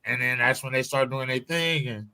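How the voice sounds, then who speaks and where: A man's voice: mid-range voice, moderate pace, gravelly, bright, forceful tone, poor audio. A man co-hosting a podcast in casual chat, rambling and correcting himself as he talks. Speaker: podcast co-host.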